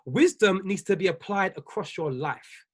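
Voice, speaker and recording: A business coach preaches to his livestream viewers in a husky voice. His pitch leaps and dips all over as he repeats his points with emphasis, laughing often between them. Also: expressive, normal speed. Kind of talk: livestream motivational talk.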